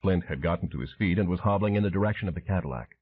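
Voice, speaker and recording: A man's voice: low voice, rapid-fire. A man narrating an audiobook thriller with dramatic storytelling. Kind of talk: scripted narration. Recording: tinny phone-like audio.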